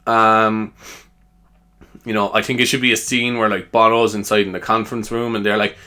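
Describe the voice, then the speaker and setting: A man's voice: lowish voice, level tone, normal speed, bright, forceful tone. A man rambling in a casual solo chat, self-amused and full of fillers. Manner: chatty, self-amused, lots of fillers and laughs. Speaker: podcaster.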